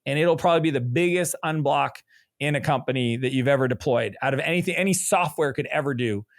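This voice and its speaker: A middle-aged man speaking as a business coach in a conversational interview, an energetic storyteller who jumps into animated quoting of others. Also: mid-range voice, fast, no echo, clean studio sound.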